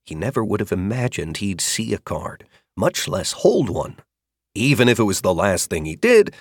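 A man narrating an audiobook fantasy chapter with expressive, varied storytelling. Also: lowish voice, normal speed, slightly rough, no echo, studio quality. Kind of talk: scripted narration.

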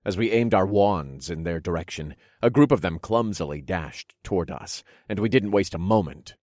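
A man narrating an audiobook in a dramatic, dark storytelling manner. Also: low voice, lively intonation, moderate pace, no room sound, clean studio sound.

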